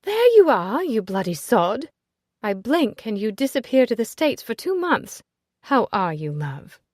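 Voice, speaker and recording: A woman voicing a brash, cheeky aristocratic lady who teases loudly and bluntly. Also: on the high side, big pitch swings, a little slow, no room sound, studio quality, voice pushed up. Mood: teasing. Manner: bold, cheeky, exclamatory. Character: brash, bawdy aristocratic lady, teasing and loud.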